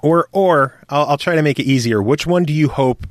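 A man's voice: fairly high pitch, a little fast, dry recording. A male interviewer asks his questions in a loose, playful, conversational way. His voice is recorded close and dry, with no room sound around it. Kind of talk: casual interview.

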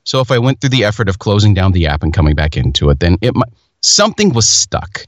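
A man's voice: fairly low pitch, very animated, fast talker, dry recording. A man hosting a casual chat, telling rambling stories with self-mocking humor.

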